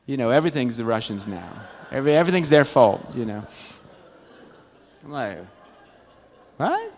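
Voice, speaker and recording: A man's voice: medium pitch, lively intonation, fast talker, a little mellow, slight background noise. Man, Bible study teacher, folksy storytelling sermon, lingering hall reverb. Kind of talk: conversational sermon. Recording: long church-hall reverb.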